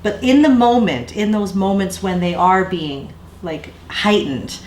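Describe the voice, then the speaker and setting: A woman's voice: medium pitch, measured pace, darkish tone. A woman co-hosting a parenting talk, affirming and agreeing often as she shares her own experience as a mother. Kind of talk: conversational discussion on parenting. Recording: echoey room with faint noise.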